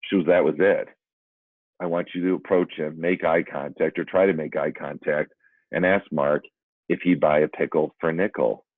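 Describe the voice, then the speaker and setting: Very deep-voiced man, phone-like sound. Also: fairly even intonation, moderate pace, no room sound. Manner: candid, self-deprecating storyteller. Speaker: former school principal telling a story. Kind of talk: storytelling talk for educators. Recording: dry, phone-like narrow sound.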